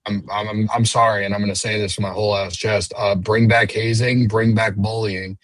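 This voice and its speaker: A man's voice: on the low side, little pitch movement, a little fast, fairly bright tone, no echo, poor audio. A man in his late twenties, blunt and combative in a heated panel debate. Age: late 20s. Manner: blunt and combative, mocking voices. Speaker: panel guest.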